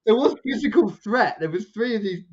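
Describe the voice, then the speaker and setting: In a casual storytelling chat, a male podcast co-host wanders through an anecdote at a brisk clip, voicing others' quotes in a higher pitch with lively energy. The audio has its highs cut off.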